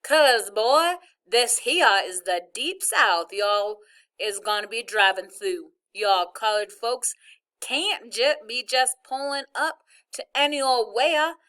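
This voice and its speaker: A father figure hamming up a broad Southern drawl, loud and taunting, as a woman reading a novel aloud puts him on. The voice sits higher than you'd expect for a man. It has a bright edge. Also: slow. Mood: mock threatening.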